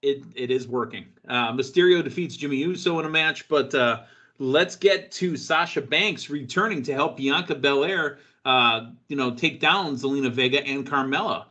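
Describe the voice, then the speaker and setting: Bright-voiced male podcast host. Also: medium pitch, moderate pace, lo-fi sound. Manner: chatty, joking, with fillers. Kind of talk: casual wrestling chat.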